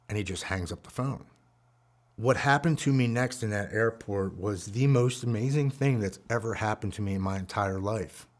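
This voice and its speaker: Guy in his 40s, low voice, telling his own story, earnest and emotional, goes quiet on the hard parts. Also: moderate pace. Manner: earnest, emotional, drops to a hushed voice at heavy moments. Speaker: guest speaker. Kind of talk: personal recovery storytelling.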